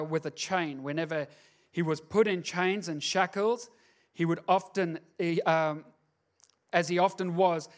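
High-voiced man preaching a sermon. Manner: storytelling, rising to loud impassioned preaching. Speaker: pastor.

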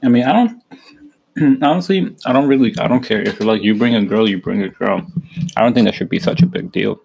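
A man's voice: on the low side, brisk, vocal fry, a little mellow, slightly rough, poor audio. A man chatting casually as a guest, laid-back and blunt, swearing now and then. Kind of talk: casual chat.

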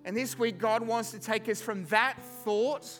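A man preaching a sermon to his church, animated and self-deprecating, often repeating words as he works through a thought. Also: high-pitched, unhurried, soft background music. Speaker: pastor. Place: church service.

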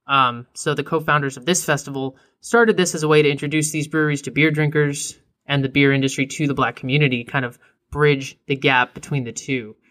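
A young man co-hosts a laid-back beer podcast, chatting casually and filling gaps with ums. His voice is bright and clear. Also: fairly high pitch, fairly quick. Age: young adult. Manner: relaxed, frequent filler ums and uhs, laughs easily. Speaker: podcast co-host.

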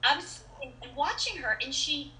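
A middle-aged actress chatting as an interview guest, telling stories in an animated way with many restarts and fillers. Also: female voice, high-pitched, normal speed. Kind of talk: casual interview chat. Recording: roomy echo.

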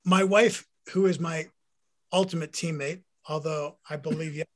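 A middle-aged man, a former pro football player, telling a personal faith story in an interview with earnest, animated delivery. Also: fairly high pitch, normal speed. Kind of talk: personal faith testimony in conversation.

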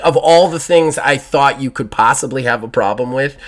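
A man's voice: medium pitch, moderate pace, hardly any pauses, fairly bright tone. A man hosting a casual gaming podcast, ranting in mock fury and swearing at his co-host.

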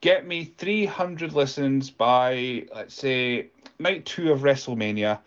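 A man's voice: mid-range voice, slow, muffled recording, close to an everyday voice. A man voicing a self-important male podcaster who stammers through an indignant voice note. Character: pompous male podcaster leaving a scolding voice note.

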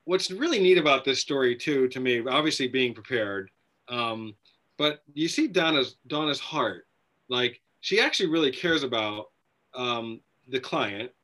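A man's voice: medium pitch, animated, a little slow, bright, forceful tone. A man hosting a casual interview, prompting his guest and recapping her stories with hesitant fillers. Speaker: host.

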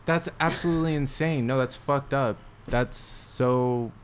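A man co-hosting a podcast in casual chat, reacting with wry, quick remarks. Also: medium pitch, a little hiss or hum. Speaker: podcast co-host.

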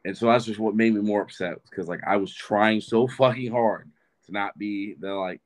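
Low-voiced young man telling a story. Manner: rambling and profane, with frequent restarts. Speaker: podcast guest. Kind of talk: casual storytelling.

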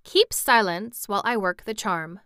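A woman voicing an anxious, high-strung young boy in a storybook reading. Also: normal speed, a bit bright, smooth, dry recording, studio quality, close to an everyday voice.

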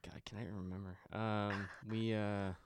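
Laid-back young man, low smooth voice. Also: flat delivery, measured pace, dry recording, studio quality. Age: young adult. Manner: laid-back, short agreeing replies, hesitant. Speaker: guest. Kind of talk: casual chat.

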